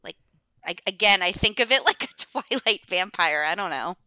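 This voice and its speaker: A woman's voice: medium pitch, expressive, normal speed, sharp tone, no echo. A woman chatting casually as a podcast guest. She rambles, fills her talk with "like," and laughs often. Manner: rambling, many "like"s, frequent laughs. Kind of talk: casual chat.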